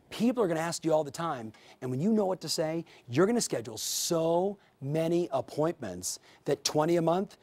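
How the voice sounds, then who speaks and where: A middle-aged man leads a sales training session for real estate agents, speaking with energetic, coaching drive. His voice sits a bit high and swings widely as he acts out sample dialogues with clients. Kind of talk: training video lecture.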